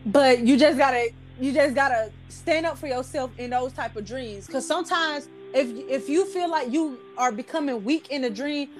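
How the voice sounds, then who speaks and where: A young woman with a high voice chats through a story in a loose, slangy way, leaning on "like" as she goes. She sounds animated and casual, and faint music plays softly behind her. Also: moderate pace, few pauses. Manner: animated, slangy, repeats "like" and "I was like". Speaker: vlogger.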